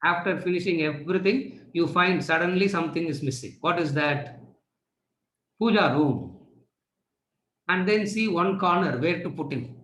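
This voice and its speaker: A man gives a lecture to students, asking rhetorical questions and answering them. His voice sits a little high for a man. The recording carries a noticeable room echo. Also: normal speed, long pauses, a bit bright. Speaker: spiritual teacher. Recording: echoey room.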